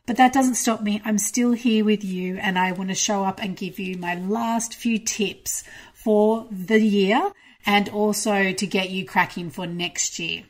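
A middle-aged woman hosting a podcast and coaching on marketing, talking in a chatty, encouraging way, her voice hoarse from a cold. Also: mid-range voice, fairly even intonation, a little slow. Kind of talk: casual podcast talk.

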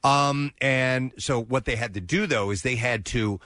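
A middle-aged man hosting a radio show, chatting casually and telling stories with animated restarts. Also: mid-range voice, a little slow, no echo, studio quality.

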